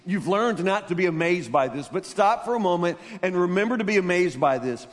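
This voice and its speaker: Pastor preaching in a reverberant hall. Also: male voice, high voice, brisk, few pauses. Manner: animated storytelling, rising to loud emphatic peaks. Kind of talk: sermon.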